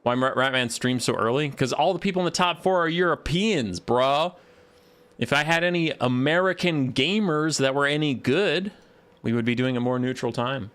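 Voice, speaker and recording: A man's voice: medium pitch, moderate pace, a bit bright, smooth. A young man casting a strategy game on a live stream, talking in a loose, rambling, sarcastic way. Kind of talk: casual live stream commentary.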